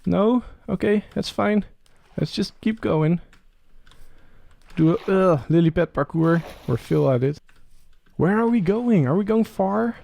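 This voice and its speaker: Chatty young man with a gravelly voice. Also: high-pitched, a little slow, no echo. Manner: chatty, talks to game creatures, excited rising questions. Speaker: Let's Play creator. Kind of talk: casual gameplay commentary.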